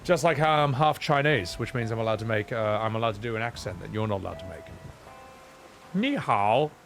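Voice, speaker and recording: Gravelly man rambling on a game stream. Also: on the low side, fast talker, a bit bright, soft background music. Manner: casual, rambling and profane. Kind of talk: gaming stream commentary.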